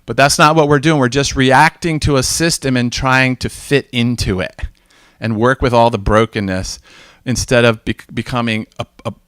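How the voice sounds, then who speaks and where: American man, mid-pitched, casual talk to a group, acts out quotes, dry close sound. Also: smooth, no echo. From United States. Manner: animated storytelling, acts out quoted exchanges, frequent restarts. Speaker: speaker.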